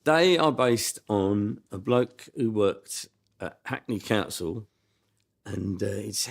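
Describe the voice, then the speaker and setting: A man's voice: fairly low pitch, takes it slowly, gravelly. A man in a documentary interview, chatty and telling anecdotes.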